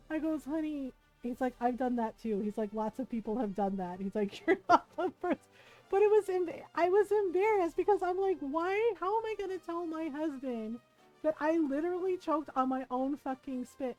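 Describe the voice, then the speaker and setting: A woman with a high, mellow voice tells a rambling story to her stream, laughing often and acting out what others said. Faint music plays under her voice. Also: poor audio. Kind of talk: casual storytelling chat.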